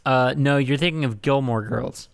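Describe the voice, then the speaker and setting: A man's voice: mid-range voice, moderate pace, vocal fry. A man hosting a casual movie podcast, rambling and joking with many fillers. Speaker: podcast host.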